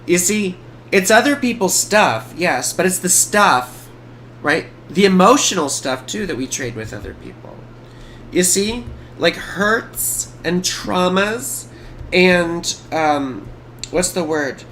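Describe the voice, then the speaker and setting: A woman's voice: lowish voice, animated, slow pace, fairly bright tone, slight background noise. A woman in her forties, an astrologer giving chatty, playful live chart readings on a stream.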